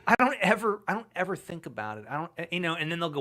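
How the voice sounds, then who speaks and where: A man co-hosting a comedy podcast, riffing loudly in casual chat. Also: on the high side, rapid-fire, few pauses. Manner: animated, riffing, jumps into silly voices. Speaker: podcast co-host.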